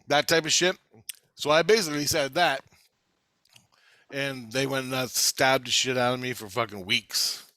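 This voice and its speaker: A half-awake man rambling through a profane, casual story, quoting others in quick asides. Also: medium pitch, fairly even intonation, pushed and bright, no echo, clean studio sound. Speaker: video maker. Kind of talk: casual chat.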